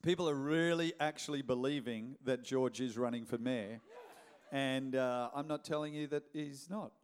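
A middle-aged Australian man, a pastor preaching a sermon in a lively, joking storytelling manner with quick restarts. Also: mid-range voice, smooth.

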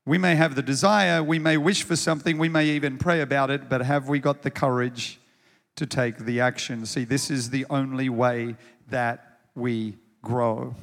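A man's voice: medium pitch, steady tone, moderate pace, vocal fry, a bit bright, in a large hall. A man preaching a sermon as pastor, in a conversational way that often repeats words as he starts a thought.

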